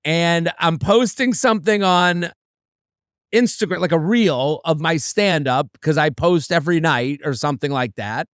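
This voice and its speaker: A man co-hosting a podcast, telling a funny story in a casual, animated way and acting out other people's lines. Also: fairly high pitch, a little slow, no echo, studio quality. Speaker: podcast co-host and comedian.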